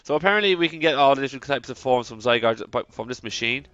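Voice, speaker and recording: A man's voice: mid-range voice, lively intonation, fast, a bit bright, no echo. An Irish man hosting a let's play, talking casually and rambling with plenty of restarts and self-deprecating asides. The sound is dry, with faint music behind him. The recording is slightly dull. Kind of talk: casual gameplay commentary.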